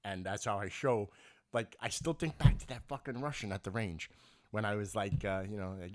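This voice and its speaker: A man co-hosting a casual podcast chat, an animated storyteller who laughs loudly and swears freely. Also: fairly low pitch, brisk. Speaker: podcast co-host.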